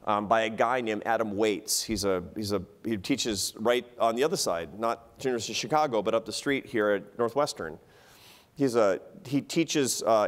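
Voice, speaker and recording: A man giving a public lecture in a hall, telling stories in an animated, humorous way. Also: medium pitch.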